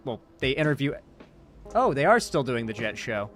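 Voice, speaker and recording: A man's voice: medium pitch, big pitch swings, normal speed. A man with a sore throat giving rambling, profane live-stream commentary, full of sarcastic asides.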